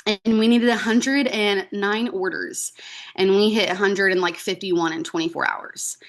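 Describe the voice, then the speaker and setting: A woman's voice: medium pitch, fairly even intonation, a little slow. A woman sharing a personal story as a guest speaker on a team video call, chatty, with frequent fillers and acted-out quotes of her own past words.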